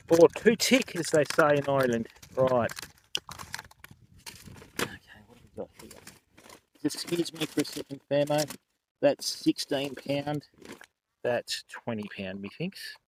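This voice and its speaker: Pausing often at a measured pace, an older man from Australia chats and jokes through his fishing livestream, calling out viewers by name and laughing a lot. His pitch is medium, and a faint hiss or hum runs under the audio.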